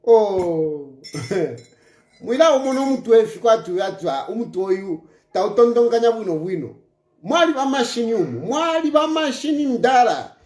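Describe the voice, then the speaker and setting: A Zambian political commentator delivers an impassioned, emphatic rant, taunting and hammering points home through repetition. His high voice swings widely in pitch, a little mellow and moderately paced, with roomy echo in the recording.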